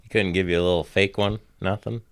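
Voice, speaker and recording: A man's voice: deep voice, fairly even intonation, fast talker, smooth. A man co-hosting a podcast who mostly reacts, laughs along and asks short follow-up questions in casual chat.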